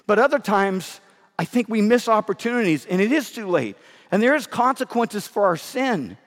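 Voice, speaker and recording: A male pastor delivers a sermon in a high voice, emphatic and conversational. He is losing his voice and sounds hoarse and winded. His words ring out with a long reverb in an echoing hall. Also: expressive, moderate pace.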